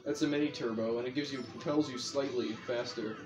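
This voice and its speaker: Young man, casual game tutorial, rambling chatty delivery, mid pitch, game music behind. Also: steady tone, a little fast, darkish tone. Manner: rambling, chatty, self-correcting. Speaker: gameplay commentator.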